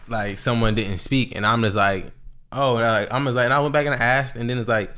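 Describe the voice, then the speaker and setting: A man co-hosting a podcast in casual chat, telling stories in animated, slangy speech. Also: mid-range voice, quick pace, clean tone. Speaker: podcast co-host.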